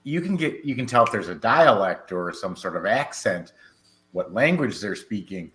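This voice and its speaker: A man's voice: lowish voice, very animated, moderate pace, fairly bright tone. A man co-hosting a paranormal talk show, explaining his points eagerly and listing them one after another. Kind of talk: casual chat. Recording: roomy echo.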